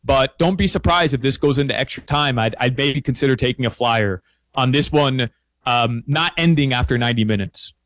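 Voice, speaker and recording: A man chatting casually as a sports analyst guest, excitable, with lots of stammered restarts and fillers. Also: mid-range voice, normal speed, no room sound. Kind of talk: casual sports betting chat.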